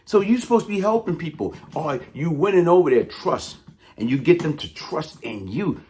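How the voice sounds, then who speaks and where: A man's voice: fairly high pitch, lively intonation, normal speed, darkish tone. A man delivering a heated, taunting call-out monologue in blunt street talk. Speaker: YouTube commentator.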